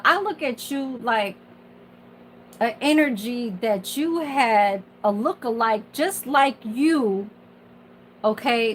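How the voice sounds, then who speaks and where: A woman's voice: a little high, a bit bright, a little hiss or hum, rough recording. A woman in her forties, a kitchen worker, venting in a casual, rambling monologue full of fillers and swearing. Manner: candid, profane, rambling with many fillers.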